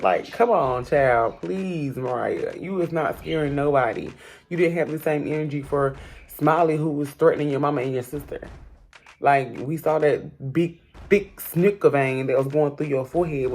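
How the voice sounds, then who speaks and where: A woman's voice: deep voice, a little mellow, husky. A woman hosting a casual, gossipy recap of a reality show, talking straight to her viewers in a sassy voice. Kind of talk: casual chat.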